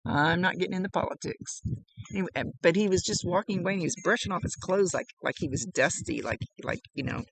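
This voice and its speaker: A woman's voice: fairly low pitch, quick pace, vocal fry, slightly rough, low-quality recording. A woman working as a psychic medium, chatting casually through a reading, relaying messages and laughing often. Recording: heavy background noise.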